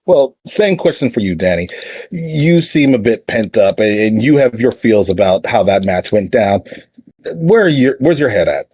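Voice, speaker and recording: A man voicing a placating mediator at a wrestling press conference in an online role-play. He stammers and hesitates, his pitch rises and falls a lot, and the sound is dry. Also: big pitch swings, moderate pace, darkish tone, slightly rough, no echo. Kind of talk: in-character voice chat role-play.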